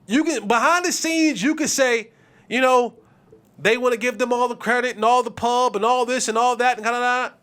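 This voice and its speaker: A man's voice: extremely high pitch, normal speed, a bit bright, clean tone. A man hosting a sports podcast, talking emphatically with repetition and slang. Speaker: podcast host.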